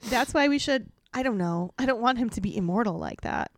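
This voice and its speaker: A woman's voice: a little high, lively intonation, brisk. A woman co-hosting a casual podcast, reading her old writing aloud in mock-dramatic tones and laughing often.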